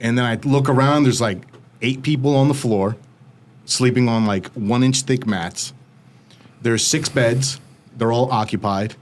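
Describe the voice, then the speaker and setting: A man's voice: mid-range voice, a little slow. Man telling a gripping story. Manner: vivid storytelling with frequent "like" fillers. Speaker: podcast guest. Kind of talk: recounting a personal story.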